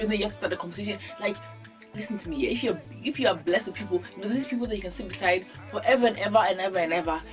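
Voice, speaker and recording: A young woman from Ghana talking on her beauty vlog, joking and acting out everyday moments with sudden jumps in her voice. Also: mid-range voice. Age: young adult. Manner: animated, acts out little scenes with sudden jumps in voice. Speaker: beauty vlogger. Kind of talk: casual comedic vlog monologue. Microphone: camera mic.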